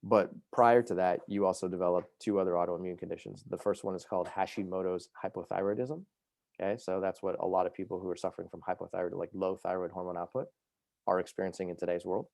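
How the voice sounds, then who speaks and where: Fast-talking man with a low, gravelly voice. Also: dry recording, clean studio sound. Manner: fast, lively, full of fillers like "you know" and "like". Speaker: podcast guest. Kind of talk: animated personal storytelling.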